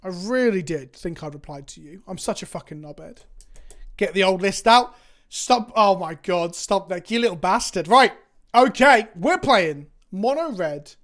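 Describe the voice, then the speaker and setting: Casual English male streamer, animated, rambling and foul-mouthed. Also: sits high, a little slow. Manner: rambling, sweary, self-mocking banter. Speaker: Magic card game content creator. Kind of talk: casual chat on a live stream.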